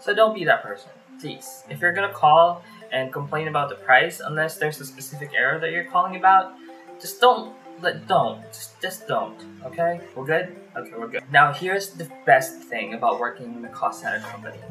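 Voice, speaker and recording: A man from the Philippines telling call center stories in a casual vlog, chatty and full of fillers, recorded in a small warm bedroom with a fan running. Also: fairly high pitch, brisk, soft background music, poor audio. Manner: chatty, lots of "like" fillers, acts out phone calls. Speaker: vlogger.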